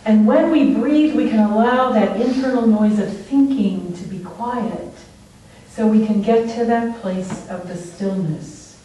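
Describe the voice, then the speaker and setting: A slightly high, slightly slow female voice tells stories during a church sermon, laughing a lot and staying animated and conversational. The recording comes from a distant mic in an echoey sanctuary, with a little background noise.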